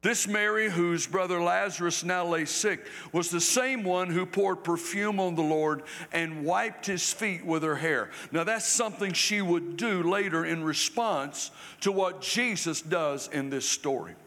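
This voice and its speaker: A man's voice: sits high, unhurried, few pauses, bright, forceful tone. An older man from South Carolina, preaching a folksy, conversational sermon with humor in a church. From South Carolina, USA. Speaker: guest preacher. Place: church sanctuary. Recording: reverberant church hall.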